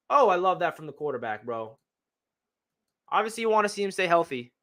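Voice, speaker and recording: A young man excitedly breaking down game film as a fan analyst, talking in a slangy way full of exclamations. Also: high-pitched, a little fast, long pauses.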